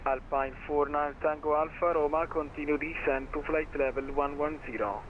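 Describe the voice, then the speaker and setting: Flat male controller over tinny radio. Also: fairly high pitch, normal speed, a little hiss or hum. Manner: flat, routine clearances. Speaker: air traffic controller. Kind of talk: radio phraseology.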